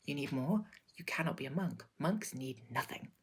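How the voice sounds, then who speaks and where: A woman voicing a flustered, timid male monk in a whispered role-play, with startled squeaky outbursts. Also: animated, normal speed, slight background noise. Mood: stern.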